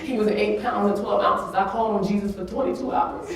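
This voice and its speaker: A woman's voice: medium pitch, quick pace, hardly any pauses, a loud crowd, heavy background noise. A woman giving an earnest, emotional speech at a summit, with laughing asides, recorded in a large conference room. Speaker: keynote speaker. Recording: echoey hall, mic from far off.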